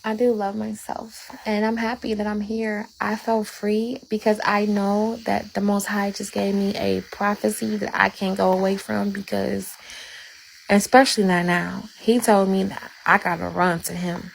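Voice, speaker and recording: Gravelly woman preaching on a livestream. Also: medium pitch, level tone, normal speed, low-quality recording. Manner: fervent, repetitive, talks straight to viewers. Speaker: livestreamer sharing faith testimony. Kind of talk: livestream faith testimony, preachy.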